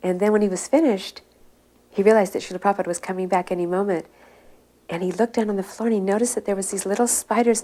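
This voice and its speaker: A woman devotee recounting memories in relaxed, meandering anecdotes. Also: mid-range voice.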